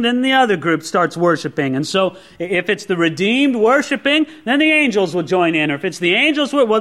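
A man's voice: a little high, fairly bright tone. A man preaching an expository sermon, earnest and asking the listeners rhetorical questions. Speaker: pastor.

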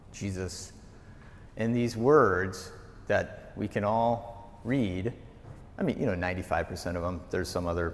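A male pastor teaching a Bible study in a conversational, storytelling way. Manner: conversational storytelling, lively pitch. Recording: echoey hall reverb.

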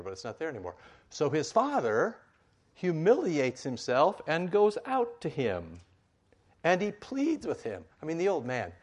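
A man's voice: mid-range voice, husky. A man preaching a sermon in a conversational way, with asides and rhetorical questions, in a meeting room with a board.

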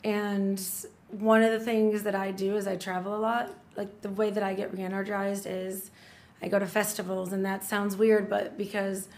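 A woman's voice: medium pitch, flat delivery, moderate pace, a little mellow. A middle-aged woman in casual podcast conversation, chatty and enthusiastic, often restarting her sentences. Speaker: guest.

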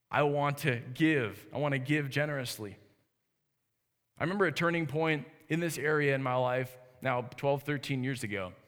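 A man's voice: medium pitch, fairly bright tone. A man in his thirties giving an earnest, conversational sermon as a pastor in a church. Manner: earnest, conversational preaching with restarts. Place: church sanctuary. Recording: reverberant hall.

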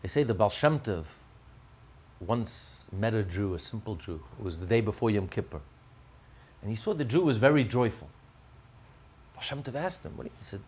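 A man's voice: mid-range voice, animated, fairly quick, creaky, long pauses, a little mellow, slightly rough. A man explaining a religious text in a class, emphatic, often repeating and restarting his phrases. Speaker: religious teacher.

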